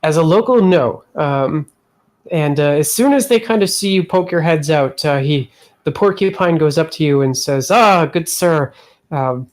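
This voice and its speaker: A man's voice: fairly high pitch, moderate pace, darkish tone. Hesitant male game master. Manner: hesitant, many fillers, laughs easily. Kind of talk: narrating a tabletop game.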